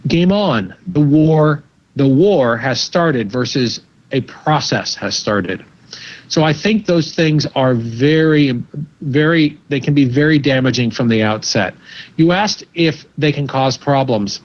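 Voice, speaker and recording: A man speaking as a psychologist guest in an interview, giving measured advice and often repeating words as he thinks. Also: medium pitch, muffled recording. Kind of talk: interview answers.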